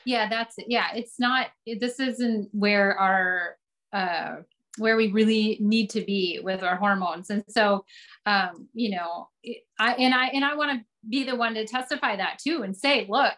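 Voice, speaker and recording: A woman in her forties hosting an online class, talking earnestly and warmly with frequent restarts. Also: mid-range voice, unhurried. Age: 40s. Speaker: host. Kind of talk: casual class chat.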